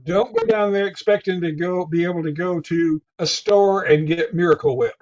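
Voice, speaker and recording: A man's voice: high-pitched, normal speed, a little mellow, dull audio. A man with a Southern Tennessee accent, a guest in a casual interview, who rambles and often repeats his words.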